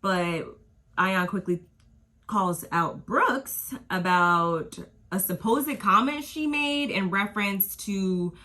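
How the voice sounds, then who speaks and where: A woman's voice: medium pitch, slow, bright, forceful tone. A woman giving a casual, gossipy recap of a reality TV episode, full of slang and asides. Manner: gossipy, slangy, drifts into quoting people.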